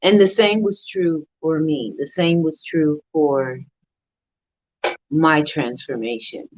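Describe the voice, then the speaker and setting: A middle-aged motivational speaker gives an earnest talk on a live stream, falling into a preacher-like cadence of repeated phrases. Her deep, slightly mellow voice moves slowly, on a dry recording with poor audio.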